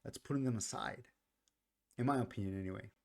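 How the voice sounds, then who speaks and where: A man with a slightly low voice gives casual song commentary. He sounds earnest and soft-spoken, thinking aloud and often stopping to restart a sentence. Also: a little fast, creaky. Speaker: music reaction vlogger.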